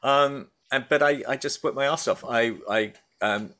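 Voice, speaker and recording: A middle-aged man with a bright, forceful tone tells stories in a loose, rambling way. He talks at an ordinary middle pitch and keeps stopping to restart his sentences. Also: normal speed. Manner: rambling, hesitant, many restarts and fillers. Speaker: guest, baker and food writer. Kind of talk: casual conversational interview.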